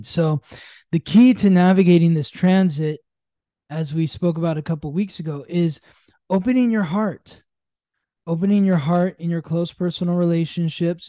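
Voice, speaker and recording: Mellow-voiced man explaining astrology casually. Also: no echo, clean studio sound. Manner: rambling, many fillers and restarts; acts out quoted speech with big pitch jumps. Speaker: astrology podcast co-host.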